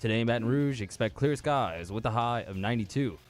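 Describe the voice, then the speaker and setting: A man reading a scripted radio show intro in a crisp, upbeat announcer manner. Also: mid-range voice, expressive, fairly quick. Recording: music bed behind voice.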